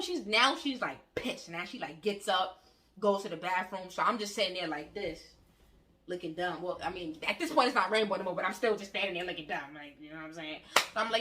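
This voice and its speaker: Animated young woman vlogger, bright voice. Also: medium pitch, a little fast. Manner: animated, slangy, acts out scenes. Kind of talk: casual storytelling to camera.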